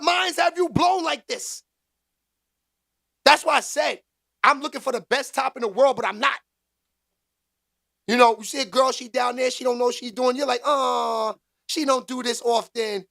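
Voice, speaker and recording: A man hosts a casual live stream, answering his chat in slangy street talk. His voice sits high and carries a gravelly rasp. He keeps it animated, jumping into loud exclaims. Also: normal speed, long pauses. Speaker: livestream commentary host.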